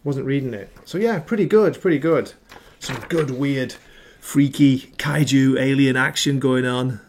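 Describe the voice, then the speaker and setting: A medium-pitched man hosts a laid-back comic book livestream from his home setup with a ring light, speaking at a measured pace over slight background noise. Chatty and enthusiastic, he rambles through asides while reading viewer comments.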